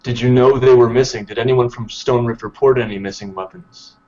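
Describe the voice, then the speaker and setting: A man at a tabletop game, asking pointed questions in a plain, direct voice. His pitch sits in the middle range, and the recording is slightly muffled. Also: steady tone, fairly quick, a little mellow. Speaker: player. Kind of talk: casual tabletop play.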